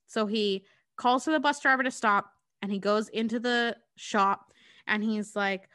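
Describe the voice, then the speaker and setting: A woman co-hosting a podcast, retelling a movie plot in casual, profane, animated storytelling. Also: mid-range voice, measured pace, dry recording, studio quality. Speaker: podcast co-host.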